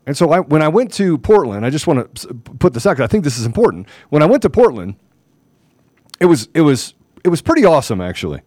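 A man's voice: a little high, fast talker, no room sound, studio quality. A man hosting a political commentary show, telling stories emphatically and acting out the dialogue. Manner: emphatic, animated storytelling with quoted dialogue. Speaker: show host.

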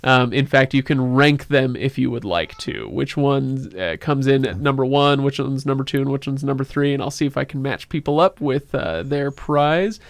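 A man's voice: mid-range voice, moderate pace, gravelly, few pauses, dry recording. A man hosting a casual podcast, talking in a loose, joking way with plenty of filler words. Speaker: podcast host.

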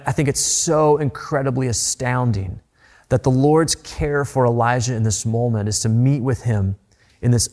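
A man preaching a sermon, reading scripture and explaining it in a reflective, emphatic way, dropping softly at quiet moments. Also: medium pitch. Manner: reflective, emphatic Bible teaching with soft hushed moments. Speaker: pastor.

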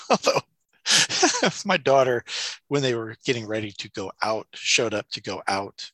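A man's voice: mid-range voice, big pitch swings, slow pace, bright, forceful tone, dry recording. A man from Mississippi rambling through stories in casual chat, laughing often.

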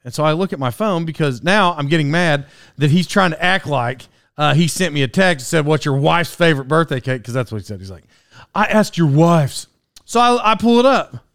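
Man in his forties, smooth resonant voice, casual rambling storyteller, dry room. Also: on the high side, animated, brisk, fairly bright tone, dry recording. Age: 40s. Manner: rambling, self-interrupting, laughs at himself. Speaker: podcast host.

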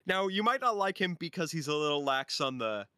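A man's voice: a little high, lively intonation, sharp tone, clear, resonant tone. A man narrating as game master for a tabletop game, hesitant and full of fillers. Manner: slow, hesitant, filler-heavy.

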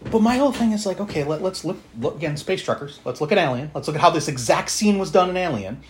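A man talking through a movie plot with a lively, swooping voice. He laughs easily, swears freely and slips into quick character voices as he retells scenes. The talk is casual and loose among friends. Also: on the high side, a little hiss or hum. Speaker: podcast host. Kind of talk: casual movie recap chat.

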